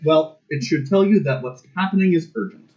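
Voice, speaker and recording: A man in his twenties with a slightly high voice, co-hosting a casual podcast chat. He throws in dry, wry asides and pointed questions. The audio is dull and lo-fi. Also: brisk, darkish tone. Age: 20s. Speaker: podcast co-host. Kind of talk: casual chat reviewing a TV episode.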